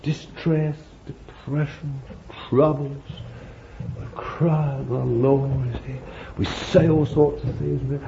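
Animated male preacher, mid-range voice with wide swings; old muffled sermon tape. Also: slow, gravelly. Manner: animated, jumps to high pitch for quoted pleas; laughs between points, addresses listeners as beloved. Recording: dull lo-fi old sermon tape with faint hiss.

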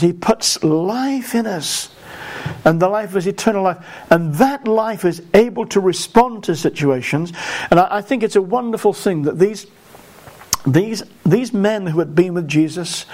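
A man delivering a sermon with a slightly raised pitch. He talks earnestly, repeats words as he goes, and slows right down to lean on key phrases. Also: darkish tone. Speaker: preacher.

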